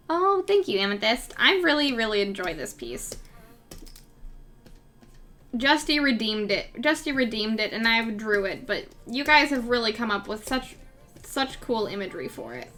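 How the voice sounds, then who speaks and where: A woman's voice: fairly high pitch, sing-song, normal speed, bright, forceful tone. A young woman chatting casually with her viewers and her cat during a live drawing stream.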